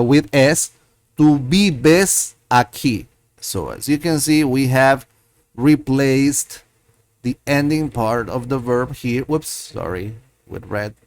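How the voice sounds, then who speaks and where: A man teaching a Spanish lesson, slowly and patiently repeating example sentences as he walks through verb endings. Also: mid-range voice, no echo. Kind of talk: screen-share language lesson.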